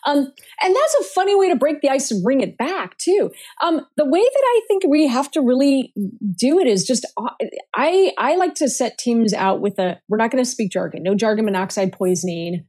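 A woman guest on a marketing podcast, talking in an animated, playful way and laughing often. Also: high-pitched, normal speed. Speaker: guest, marketing speaker and author. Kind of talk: casual podcast interview.

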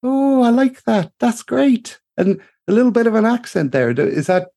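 Guy doing a bubbly gnome mechanic girl, high squeaky voice, really animated and gushing. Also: normal speed, vocal fry, full character voice. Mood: chirpy.

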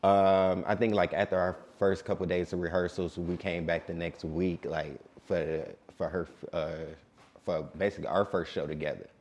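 A man in his late twenties from Detroit, a DJ talking calmly and in a laid-back way as an interview guest. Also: low-pitched, moderate pace. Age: late 20s. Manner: calm, laid-back talker. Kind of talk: casual interview.

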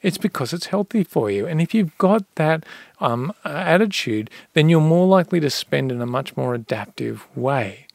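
A man on a podcast telling a parable and giving money tips in a calm, storytelling way. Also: a little high, normal speed, vocal fry, dry recording, clean studio sound. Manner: storytelling, repeats a refrain calmly. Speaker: guest expert on personal finance.

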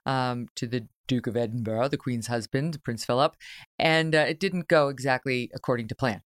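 A woman's voice: very deep voice, moderate pace, no echo, clean studio sound. A woman hosting an interview podcast, chatty and telling self-deprecating stories. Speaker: podcast host. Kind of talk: interview chat.

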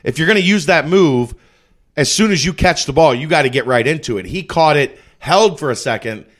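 A man's voice: a little high, animated, a little fast. A man offering blunt, wry basketball commentary on a podcast. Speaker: basketball analyst guest. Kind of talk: casual sports chat.

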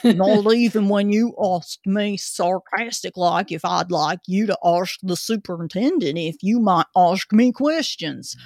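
A woman doing a gruff old zookeeper in thick dialect. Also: mid-range voice, a little slow, darkish tone, no room sound, clean studio sound. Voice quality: rough working-class dialect. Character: gruff old male zookeeper, grumpy but chatty.

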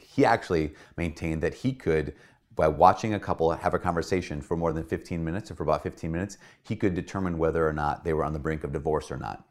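Deep-voiced priest giving a casual talk. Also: male voice, quick pace. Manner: conversational, animated, acts out quoted voices. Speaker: Catholic priest.

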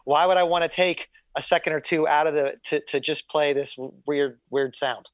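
A man's voice: a little high, fairly even intonation, normal speed, dry recording. A man co-hosting a podcast, chatting casually, rambling and repeating words. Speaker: podcast co-host. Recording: dull lo-fi mic.

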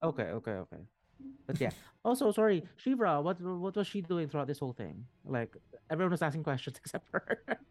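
A man's voice: fairly high pitch, very animated, fairly quick, no room sound. A man running a tabletop game, chatty and checking in with players often. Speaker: game master.

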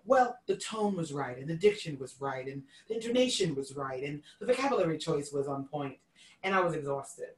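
A woman from New York with a Queens accent hosting a live-streamed conversation. She is expressive and folksy, and she talks to her listeners as "y'all.". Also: low voice, fairly quick, echoey room, far from the mic. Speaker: host.

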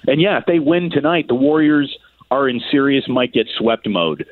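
A man's voice: mid-range voice, moderate pace, no room sound. Blunt man ranting over a phone line. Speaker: Bay Area sports radio guest. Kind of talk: sports radio call-in analysis.

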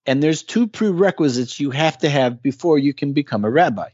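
A man's voice: a little high, animated, a little fast, a little mellow, breathy edge, no room sound, highs cut off. A man talking as a guest in a casual interview, explaining with earnest emphasis. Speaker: guest musician.

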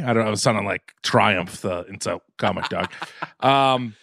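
A man's voice: on the low side, a little slow, vocal fry, fairly bright tone, no echo, clean studio sound. A man co-hosting a podcast, joking around and reading listener mail in a casual chat. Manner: jokey, reads listener mail aloud. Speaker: podcast co-host.

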